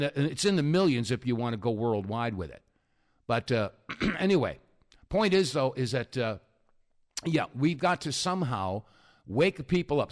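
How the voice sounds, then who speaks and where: A man hosting a talk radio show, rambling in a chuckling, filler-heavy monologue. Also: medium pitch.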